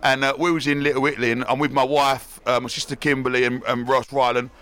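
A man telling an excitable story in casual chat, repeating himself as he goes. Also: mid-range voice, fast.

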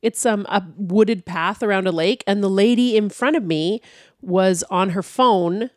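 A woman's voice: mid-range voice, a little slow, a little mellow, dry recording. A woman speaks in a middle-range voice, blunt and teasing, with frequent swearing. The recording is dry and close, with no room sound. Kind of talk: casual podcast chat.

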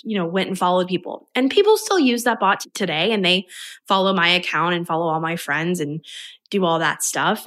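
A young adult woman hosts her own podcast as a business coach. She talks to listeners in a chatty, upbeat way, full of energy and easygoing warmth of manner. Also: mid-range voice. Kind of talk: casual solo podcast talk.

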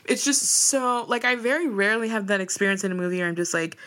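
A woman's voice: mid-range voice, fast. A young adult woman co-hosting a podcast, chatting casually and telling stories with lots of laughter. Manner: animated, laughs often, gushing storytelling. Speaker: podcast co-host. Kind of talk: casual chat.

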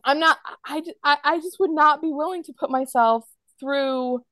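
A woman's voice: sits high, normal speed, sharp tone, no echo. A woman with an American accent, a podcast co-host in casual chat, rambling with lots of "like" and acting out quotes. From United States. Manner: rambling, heavy use of "like", acts out quotes.

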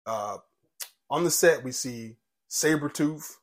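A man's voice: a little high, slow. A young man co-hosting a podcast, chatting casually and animatedly, swearing freely and retelling TV scenes with feeling. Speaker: podcast co-host. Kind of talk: casual chat.

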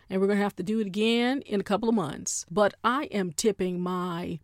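A woman hosting a podcast and chatting in a casual, comedic way. She is animated and playful and acts out quotes in exaggerated voices. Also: mid-range voice, brisk, few pauses, no room sound, clean studio sound. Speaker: podcast host.

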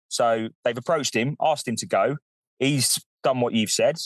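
A man's voice: mid-range voice, measured pace, dry recording, low-quality recording. A man co-hosting a podcast, making a blunt, frustrated argument. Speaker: podcast co-host. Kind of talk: casual podcast chat.

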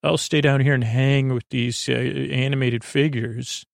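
A man's voice: mid-range voice, steady tone, measured pace, creaky, no room sound, clean studio sound. A man doing an eager starstruck young man.

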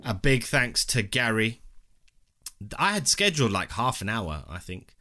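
A man hosting a podcast in casual, relaxed chat. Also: medium pitch, a little slow, faint music behind. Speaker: podcast host.

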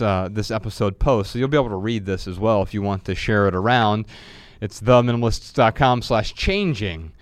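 A middle-aged man co-hosting a podcast, chatting and reading his own writing aloud with lively storytelling. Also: medium pitch, clean tone, dry recording. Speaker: podcast co-host.

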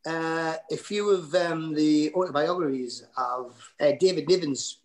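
A man's voice: a little high, a little slow, low-quality recording. A middle-aged man with a Geordie accent, a comedian telling stories in a casual interview, rambling with lots of fillers and restarts. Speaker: comedian guest.

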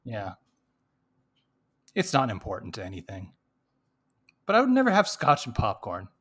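A man's voice: lowish voice, huge pitch swings, moderate pace, a bit bright, slightly rough. A man co-hosting a podcast, chatting casually about a movie with joking asides. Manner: joking asides, laughs often. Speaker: podcast co-host. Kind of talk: casual movie recap chat.

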